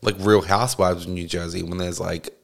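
A blunt Australian man with a fairly low voice, co-hosting a casual podcast. He is opinionated and sweary, and he steers the chat. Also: steady tone, a little fast, creaky. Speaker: podcast co-host. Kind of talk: casual banter.

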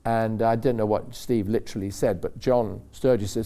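A man telling rambling, animated racing stories in a casual chat, acting out what others said. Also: fairly low pitch, normal speed, few pauses. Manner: rambling, animated storytelling with acted-out quotes. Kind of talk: casual anecdote.

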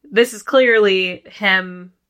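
A woman co-hosting a casual film podcast, talking in an easy, rambling way full of "like" and restarts. Her voice is bright and forward at a middling pitch. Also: slow, clear, resonant tone. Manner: chatty, lots of "like" and restarts. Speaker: podcast co-host.

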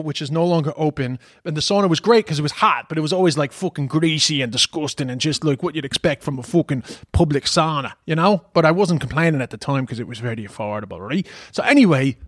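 A man's voice: fairly high pitch, fairly quick, hardly any pauses, no room sound. Rambling Dublin man, dry close sound. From Ireland. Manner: rambling, swearing, self-amused. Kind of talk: casual storytelling monologue.

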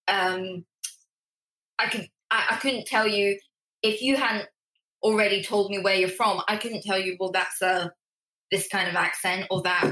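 A woman's voice: mid-range voice, bright, forceful tone, echoey room, low-quality recording. An Australian woman, a guest in a casual remote interview, chatty and self-deprecating.

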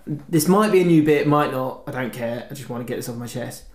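A man's voice: medium pitch, fairly quick. Rambling man telling a story. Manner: rambling animated storytelling, acts out shouts. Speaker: podcast co-host. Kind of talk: casual chat. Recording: echoey room with faint noise.

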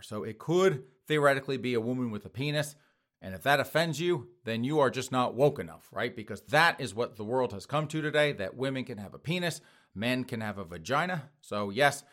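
Male commentary host, bright tone, sarcastic, mocking delivery. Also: mid-range voice. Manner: mocking, sarcastic, chuckles often; addresses listeners as folks. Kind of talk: casual news commentary.

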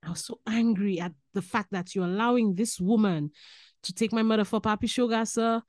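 A woman from Saint Lucia with a Saint Lucian accent, a podcast guest telling stories in animated, casual chat and slipping into Caribbean phrasing. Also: medium pitch, fairly quick, no room sound, studio quality.

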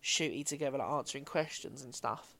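A man's voice: medium pitch, brisk, creaky, sharp tone. A man co-hosting a podcast in casual chat, thinking aloud and rambling. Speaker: podcast co-host.

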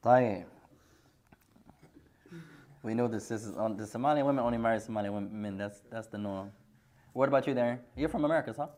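A man's voice: on the low side, fairly quick, long pauses, darkish tone. A middle-aged man teaching a hadith class, joking and teasing his students and mixing Arabic phrases into his English.

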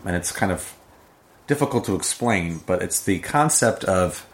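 A man who teaches improv, talking casually in an interview and acting out quoted lines. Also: slight background noise. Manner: animated storytelling, acts out quoted lines in a high voice.

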